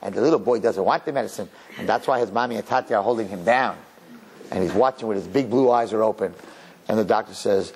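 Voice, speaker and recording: A man preaching a sermon as a rabbi, telling stories in an animated way. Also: on the low side, fast talker, slightly rough. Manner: animated storyteller who acts out his characters.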